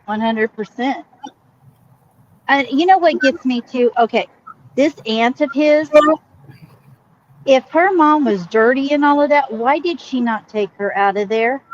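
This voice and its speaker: A woman's voice: high-pitched, measured pace, pauses often. A woman chatting about a news case, opinionated and indignant. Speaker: co-host. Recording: dull lo-fi sound with faint noise.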